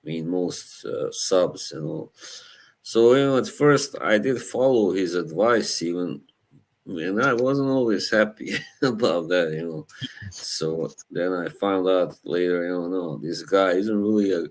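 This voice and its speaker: A young man with an Eastern European accent, hosting a casual live chat, relaxed and halting, laughing often. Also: sits low. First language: Slavic language. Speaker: livestream host.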